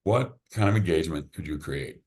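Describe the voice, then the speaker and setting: A man's voice: low-pitched, brisk, a little mellow. A man, a podcast guest, chatting casually and enthusiastically, often restarting his sentences. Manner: enthusiastic, rambling, repeats words when starting sentences.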